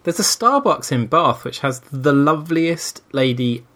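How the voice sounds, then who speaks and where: A man talking casually with a lively, swooping voice. He teases his co-host dryly and laughs readily. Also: fairly high pitch, a little slow. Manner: dry, teasing, laughs easily. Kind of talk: casual chat.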